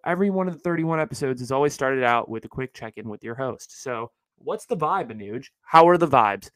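A young man runs his own show in a chatty, slangy, upbeat way. His voice is smooth and resonant at a middle pitch. The sound is dry and close, recorded indoors at home. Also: a bit bright, no echo, rough recording. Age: young adult. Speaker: podcast host. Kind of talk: casual chat. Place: indoors at his parents' house.

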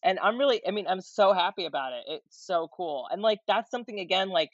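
A woman guest who makes comedy videos, talking in a relaxed, rambling way. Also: medium pitch, a little fast, no room sound. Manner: relaxed, rambling, many fillers. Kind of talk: casual interview chat. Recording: dull dry remote audio.

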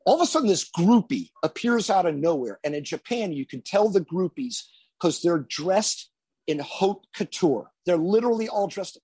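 A man, a guest musician, telling a road anecdote in a casual, animated storytelling manner. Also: sits high, moderate pace, breathy edge, dry recording.

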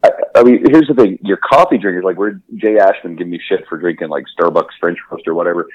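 Deep-voiced laughing podcast host. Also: male voice, fast talker, breathy edge, no room sound, dull audio. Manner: laughing, enthusiastic, swears freely. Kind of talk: casual chat.

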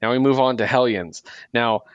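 A man's voice: mid-range voice, moderate pace, clear, resonant tone, no room sound, lo-fi sound. A man co-hosting a podcast, casually recapping comic books, laughing often and acting out the characters' lines. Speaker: podcast co-host. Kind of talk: casual comic book discussion.

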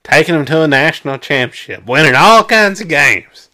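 Southern man from Arkansas, sports-talk co-host: lively, bright, exclamatory ranting delivery. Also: on the high side, normal speed. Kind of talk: casual sports chat.

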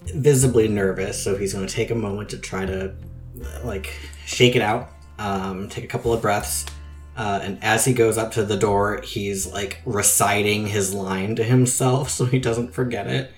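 A man's voice: fairly low pitch, steady tone, normal speed, echoey room, faint music behind. A man playing a tabletop game, casually describing his character with many fillers. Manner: casual, laughing, filler-heavy. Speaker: player. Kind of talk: tabletop role-play.

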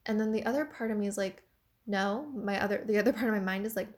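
Young woman, casual motivational monologue, chatty filler-heavy speech, mid-pitched voice. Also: fast. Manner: chatty, frequent "like" and "you know" fillers.

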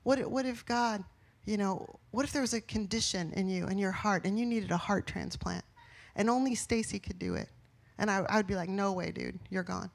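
A middle-aged woman preaching a sermon, asking her listeners questions and swinging from soft, slow lines to loud ones. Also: medium pitch, vocal fry. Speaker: pastor.

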